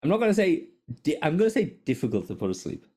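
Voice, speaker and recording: A man's voice: fairly high pitch, fast, husky. A man hosting a podcast in casual chat, telling stories with constant swearing and frequent laughter. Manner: animated storytelling, heavy swearing, frequent laughter. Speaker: podcast host.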